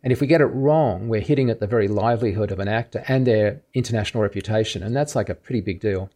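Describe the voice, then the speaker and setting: A man with a fairly low, warm voice talks fast as a guest expert on film dubbing. Being interviewed, he explains things carefully step by step, dropping in casual fillers.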